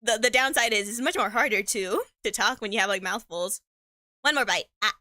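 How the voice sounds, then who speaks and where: Bright-voiced young woman chatting while eating. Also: medium pitch, fairly quick, no room sound, studio quality. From Mexican heritage. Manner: chatty and rambling, stumbles over words, slangy, laughs often, talks with mouth full. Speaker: streamer. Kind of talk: casual chat while eating.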